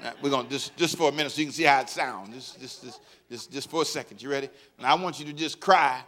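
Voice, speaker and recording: Speaking at medium pitch and a quick pace, a pastor gives an animated, folksy sermon. He gets the congregation going in call-and-response and laughs at his own stories.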